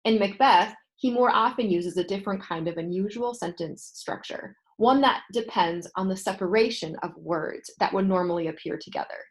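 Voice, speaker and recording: A woman teaching a class, reading a textbook passage aloud and explaining it in steady, patient asides. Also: medium pitch, normal speed, hardly any pauses.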